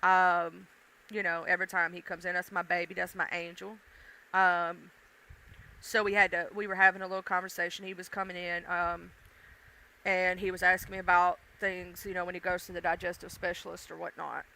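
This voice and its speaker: A woman's voice: fairly low pitch, little pitch movement, normal speed, gravelly, bright, forceful tone. A middle-aged woman hosting a livestream, chatting bluntly and profanely with her viewers. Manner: blunt, profane, talks straight to chat. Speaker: livestream host. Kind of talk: casual chat with live viewers.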